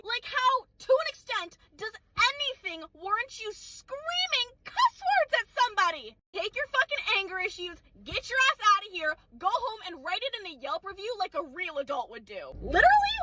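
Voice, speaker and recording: A woman's voice: extremely high pitch, background noise. A young woman working as a restaurant server, ranting in an exasperated, profane and sarcastic way. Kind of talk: ranting monologue.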